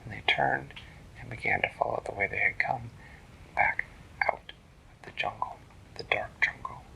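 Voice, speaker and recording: A man narrating a bedtime story in a hushed, slow, gentle whisper. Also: fairly low pitch, gravelly, low-quality recording.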